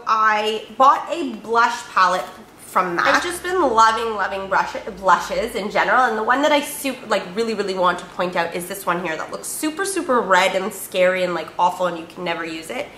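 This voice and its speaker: A woman's voice: medium pitch, animated, normal speed, bright, forceful tone, reverberant, slight background noise. A woman beauty vlogger chatting casually through a product review, upbeat and full of fillers and repeated words.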